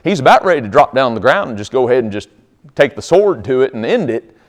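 A man preaching a sermon, retelling a story in a folksy, conversational way. His voice is mid-pitched and swings widely, and a long hall reverb hangs behind every phrase. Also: fast. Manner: folksy, animated, with chuckles.

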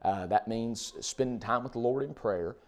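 A man's voice: medium pitch, normal speed, darkish tone. A man preaching a sermon in a conversational way, full of rhetorical questions.

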